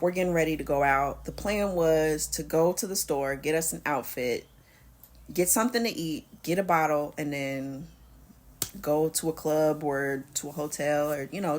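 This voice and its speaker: A young woman tells a personal story to camera, her voice sitting on the low side. She talks candidly and bluntly, quoting dialogue and swearing freely. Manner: candid, profane retelling with quoted dialogue. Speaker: vlogger.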